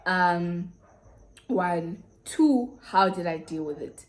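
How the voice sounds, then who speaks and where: A woman's voice: lowish voice, takes it slowly. A young South African woman with a South African accent, frankly telling a personal story to her viewers in casual, slangy chat. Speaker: YouTuber.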